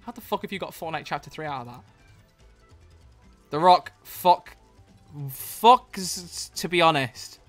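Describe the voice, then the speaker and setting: Game streamer, live commentary, sharp bright voice, excitable and foul-mouthed. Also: medium pitch, normal speed, long pauses, soft background music. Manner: excitable, swears freely, bursts into loud laughter.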